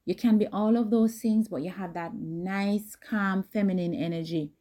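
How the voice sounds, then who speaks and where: A woman hosting a dating advice talk, speaking directly and emphatically in a casual way, with a voice that is not high or squeaky. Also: fairly even intonation, normal speed, dark tone. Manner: direct, emphatic, conversational with quoted asides.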